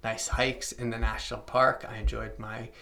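A young man hosting a podcast, chatting casually about travel spots with lots of fillers, quick asides and self-aware plugs. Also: lowish voice, level tone, gravelly, bright, forceful tone. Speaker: podcast host.

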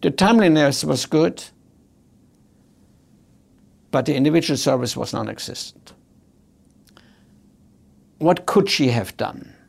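A man's voice: a little high, lively intonation, normal speed, creaky, pauses often, slightly rough. An older man, a hotel executive, telling a story in an emphatic way and repeating his key points. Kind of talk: storytelling talk.

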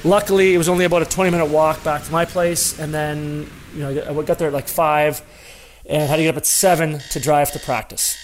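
Self-deprecating male storyteller, slightly high voice. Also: steady tone, fairly quick, slight background noise. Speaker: former pro hockey player telling a story. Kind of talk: personal anecdote storytelling.

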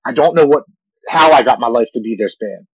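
A man in his forties telling a deeply personal story in an earnest, halting way, often repeating words when moved. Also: animated, breathy edge, no echo, dull audio. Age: 40s.

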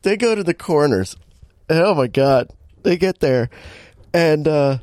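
A man's voice: fairly high pitch, a little slow, no room sound, studio quality. A man co-hosting a podcast, recapping a bad movie in casual chat, laughing often as he tells it. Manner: animated storytelling, laughing often, many restarts. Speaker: podcast co-host.

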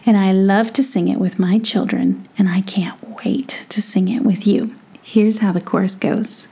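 A middle-aged woman hosting a children's podcast, speaking softly and affectionately straight to young listeners in a breathy, near-whispered voice. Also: mid-range voice, fairly even intonation, unhurried.

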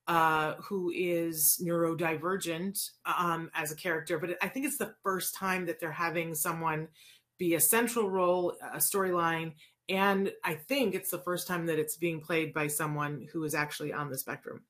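A woman's voice: fairly low pitch, steady tone, normal speed, a bit bright. A woman in her forties who hosts a live autism show and podcast, talking in a chatty, casual way with many fillers. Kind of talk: casual live-stream talk. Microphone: live-stream mic.

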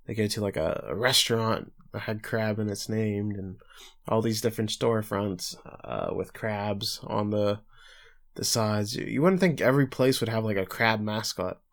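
A man's voice: on the low side, moderate pace. A man co-hosting a podcast, casually recapping an episode in a rambling, self-correcting way with dry jokes.

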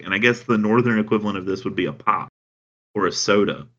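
A man with a Southern American accent, chatting casually as a podcast co-host and telling things in a dry, deadpan way. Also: fairly low pitch. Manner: dry, deadpan storytelling with drawn-out phrases. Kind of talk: casual chat. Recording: dull lo-fi sound.

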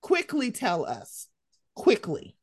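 A woman co-hosting a podcast, ranting in heated casual commentary, animated and profane. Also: medium pitch, slow, husky, no echo, clean studio sound.

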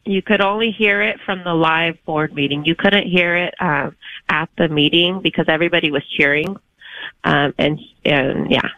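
A woman's voice: fairly low pitch, moderate pace, bright, forceful tone, no echo. A woman phoning into a radio show, a parent speaking indignantly and pressing her point. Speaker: caller. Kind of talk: phone-in call. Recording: dull lo-fi phone line.

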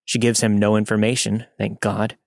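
A man's voice: lowish voice, creaky, no room sound. Male narrator reading a horror story, dry close sound. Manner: steady, measured reading. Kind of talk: scripted first-person narration of a listener story.

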